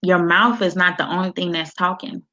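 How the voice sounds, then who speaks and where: A middle-aged motivational speaker and author from Miami, Florida, gives an inspirational talk on a livestream, quoting scripture and greeting viewers by name like a preacher. Her voice is on the low side and sharp, with fairly even intonation and a moderate pace, and the recording's highs are cut off.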